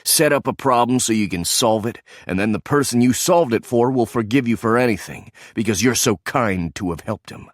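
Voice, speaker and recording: A man's voice: medium pitch, normal speed, hardly any pauses, no echo, clean studio sound, lightly acted. A man voicing a bitter, sarcastic male ex-agent who talks in an accusing way.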